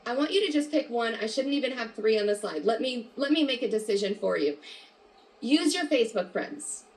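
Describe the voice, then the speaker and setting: A woman's voice: on the high side, lively intonation, a little fast, rough recording. A woman in her thirties coaching a live online training, upbeat and chatty, reading out answers from the chat as she goes. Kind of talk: live webinar coaching talk.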